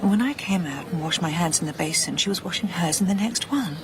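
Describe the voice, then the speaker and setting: An actress playing a grieving wife in a radio drama, speaking in a breathy, earnest, half-whispered way. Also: female voice, lowish voice, animated, fast, crowd noise, close to an everyday voice. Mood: urgent hushed. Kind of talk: BBC radio drama acting.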